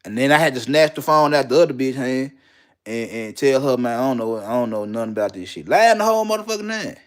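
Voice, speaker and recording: A young man tells his own story in plain, unpolished talk. He is blunt and profane and hammers points home by repeating himself. His voice sits at an ordinary middle pitch. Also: expressive, quick pace. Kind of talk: candid personal storytelling.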